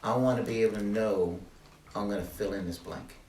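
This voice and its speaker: A man's voice: fairly low pitch, brisk, darkish tone, roomy sound, distant mic, a little hiss or hum. An older man giving a testimony talk to a small group, earnest and preacherly, repeating his key phrases. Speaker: ministry speaker.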